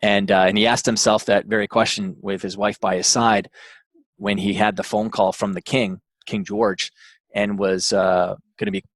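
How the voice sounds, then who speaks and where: A man, an author interviewed as a guest, telling an anecdote in a relaxed way with frequent fillers and restarts. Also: lowish voice, normal speed, no echo. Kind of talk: interview storytelling.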